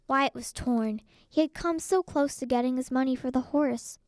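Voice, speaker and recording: A woman narrates a children's storybook in a clear, expressive way. Her voice is somewhat high. The sound is dry and close, with no room. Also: normal speed, no echo.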